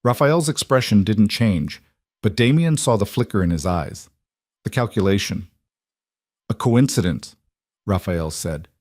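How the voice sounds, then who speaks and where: A male audiobook narrator with a low voice tells the story in a steady, measured way. The recording is dry and studio quality.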